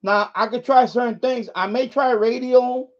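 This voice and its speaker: This ham radio streamer has a very high voice and speaks at a normal speed. He fiddles with his gear during a casual live demo, rambling and starting sentences over, and the recording has a dull, lo-fi stream quality.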